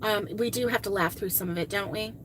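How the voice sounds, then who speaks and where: A crochet channel host reads her live chat aloud and talks casually with viewers, gushing and exclaiming often. Her mid-range voice moves a little fast, and the background is noisy.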